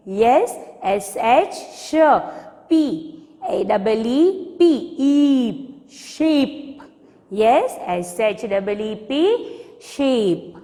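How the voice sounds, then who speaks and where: A woman teacher with an Indian English accent, slowly spelling out words letter by letter in a phonics lesson for small children. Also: on the high side, a little mellow, in a large hall. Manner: slow, sing-song spelling out letter by letter. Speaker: pre-primary teacher.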